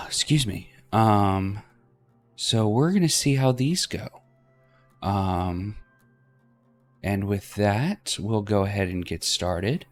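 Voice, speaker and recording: A man introduces his let's play in a casual, halting way, filling pauses with ums and uhs. His voice sits low and he takes his time, with faint music behind him. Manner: hesitant, many fillers.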